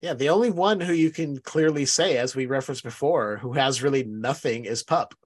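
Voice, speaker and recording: A man's voice: mid-range voice, fairly quick. A man appearing as a podcast guest, chatting casually and playfully, often laughing and agreeing.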